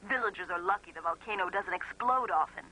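A woman reading clues in a scripted TV show, brisk and matter-of-fact. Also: fairly low pitch, sharp tone, low-quality recording. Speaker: clue giver.

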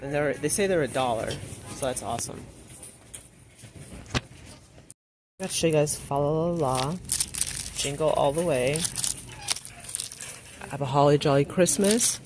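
A woman's voice: low voice, unhurried, pauses often, background noise. A woman vlogging as she shops a store, chatty and gushing over what she finds, reading the greetings on cards aloud. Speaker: shopping vlogger. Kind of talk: casual shop-with-me narration. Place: inside a large store.

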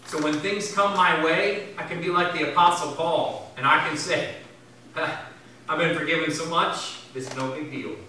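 A man preaching a sermon as pastor, swinging from loud emphatic bursts to low, quiet asides. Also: steady tone, measured pace, slight background noise. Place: church sanctuary. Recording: very echoey church from far off.

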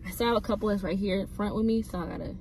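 A woman's voice: mid-range voice, fairly even intonation, rapid-fire, creaky, darkish tone, a little hiss or hum. A young woman chatting casually to viewers in a vlog, talking straight at the camera. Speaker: vlogger. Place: car and home.

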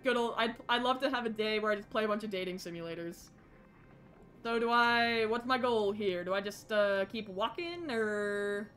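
Streaming a horror game live, a young woman talks casually with her audience, nervous and quick to poke fun at herself. She speaks at medium pitch and normal speed, with a fairly bright tone.

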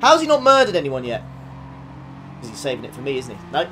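A young man streaming a racing game, reacting excitably with frequent laughs and quick apologies while talking to his chat. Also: medium pitch, slight background noise. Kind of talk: live racing game commentary. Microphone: desktop USB condenser mic.

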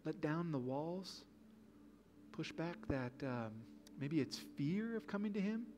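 A man's voice: fairly high pitch, expressive, slow pace, darkish tone, a little hiss or hum. A man preaching a sermon as pastor in a church, earnest and building to emphatic passages. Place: church sanctuary.

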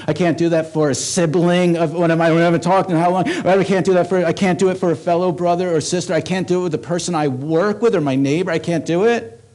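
A man's voice: high-pitched, fairly even intonation, quick pace, a little mellow. A man preaching a sermon as a pastor at a church service, earnest and emphatic.

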